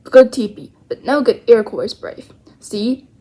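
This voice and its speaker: A woman's voice: a little high, animated, a little slow, mellow. A woman voicing a tiny, stern adult warrior who talks in blunt, clipped broken phrases while reading a storybook aloud.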